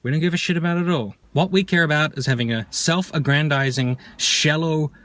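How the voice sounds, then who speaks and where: A man's voice: fairly high pitch, fairly quick, a bit bright, no echo. Sarcastic, foul-mouthed male ranter. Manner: sarcastic, profane, heated. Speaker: vlogger. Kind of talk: angry opinion rant.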